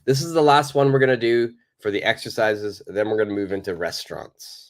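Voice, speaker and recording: A man's voice: lowish voice, fairly quick. A man teaching a live online English lesson, patiently repeating and praising viewers' answers.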